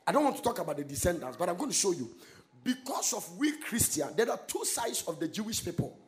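A man preaching a sermon, swinging between quiet asides and loud, sung-out lines. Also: high-pitched, sing-song, fast talker. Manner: emphatic preaching with sudden shouted, sung-out phrases and laughter. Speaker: pastor.

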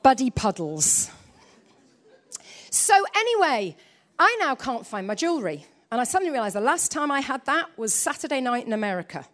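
A woman preaching a sermon, telling a story with lively delivery and quiet low asides.

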